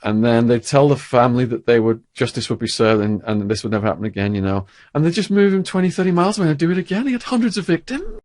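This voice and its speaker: A man's voice: medium pitch, expressive, quick pace, darkish tone, no echo, clean studio sound. A man asking questions in a casual interview, sometimes speeding up as he goes.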